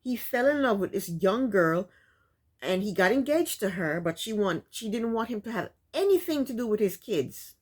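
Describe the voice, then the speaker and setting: A woman's voice: medium pitch, sing-song, moderate pace. Sassy chatty woman recapping a show. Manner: chatty, laughs often, sassy. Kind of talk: casual recap chat.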